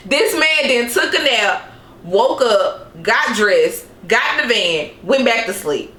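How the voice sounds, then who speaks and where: Sassy woman recapping reality TV, bright tone. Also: fairly high pitch, takes it slowly, roomy sound. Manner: sassy, animated, laughs often, slangy asides. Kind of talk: casual recap commentary.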